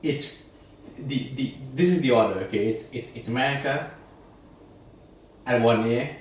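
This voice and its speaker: A man from India with an Indian accent, co-hosting a casual podcast chat, animated and full of restarts and laughter. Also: mid-range voice, unhurried, a little hiss or hum. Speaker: podcast co-host. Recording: echoey room, distant mic.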